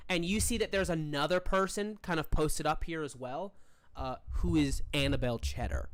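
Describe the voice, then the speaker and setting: A woman's voice: low-pitched, normal speed, dry recording. A woman narrating a tabletop game as game master, rambling with many fillers.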